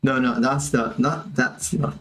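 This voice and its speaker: A man's voice: mid-range voice, level tone, a little slow, a bit bright, faint music behind. A man teaching animation on a livestream, chatting casually and talking to himself as he works. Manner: casual, chatty, talks to himself while working. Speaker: animation instructor. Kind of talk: livestream tutorial commentary.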